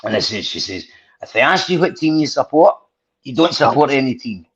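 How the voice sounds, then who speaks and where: A man hosts a casual podcast and tells long, sweary anecdotes full of restarts. His voice is slightly husky. The recording has a dull, lo-fi quality. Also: medium pitch, animated, a little fast. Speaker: podcast host. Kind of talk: casual storytelling chat.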